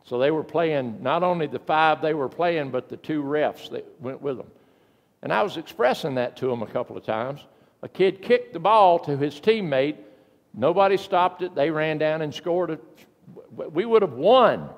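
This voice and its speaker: An older male pastor delivering a sermon in a church, telling folksy stories and breaking into sudden loud, emphatic bursts. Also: a little high, animated, normal speed, long reverb tail. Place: church sanctuary.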